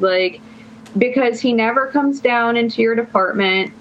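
Her tone fairly bright and her voice high-ish, a young woman on a podcast chats casually at a normal pace. She rambles through a long story from her own life, "like" filling each phrase, all captured in dull lo-fi sound.

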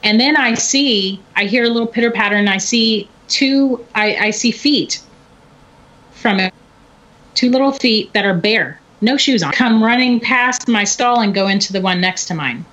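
A woman's voice: a little high, moderate pace. Middle-aged woman telling a spooky story, laughs a lot, muffled lo-fi sound. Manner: animated, laughs often. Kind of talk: casual storytelling. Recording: dull lo-fi recording.

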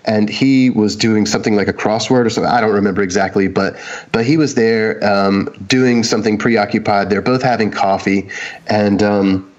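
Man, low pitch, casual storytelling, meandering, filler words, dull lo-fi recording. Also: steady tone, normal speed. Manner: meandering, many "um"s and "like"s, acts out quotes. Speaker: guest sharing a personal story.

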